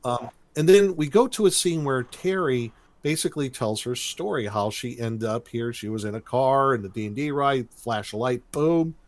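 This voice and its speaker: A man's voice: mid-range voice, moderate pace, few pauses, dry recording. Chatty man co-hosting a podcast. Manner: chatty, loose storytelling with many fillers. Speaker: podcast co-host. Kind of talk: casual cartoon recap chat.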